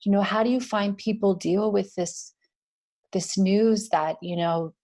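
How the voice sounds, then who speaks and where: A woman hosting a podcast, asking soft, searching questions with many fillers. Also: medium pitch, steady tone, measured pace. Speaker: podcast host. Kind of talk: conversational podcast interview.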